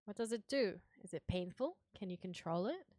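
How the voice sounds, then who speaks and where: A woman's voice: medium pitch, big pitch swings, normal speed, a little mellow. A woman reading a smug, teasing young man. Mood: dry, teasing. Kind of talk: game dialogue read aloud.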